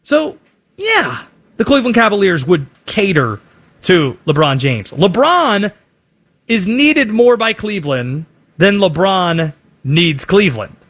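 A man's voice: high-pitched, big pitch swings, slow pace, fairly bright tone. A man giving emphatic, opinionated sports commentary.

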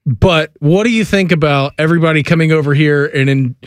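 A man's voice: fairly high pitch, fairly quick, no room sound, studio quality. A man hosting sports radio, telling stories in a casual, chatty way and laughing often.

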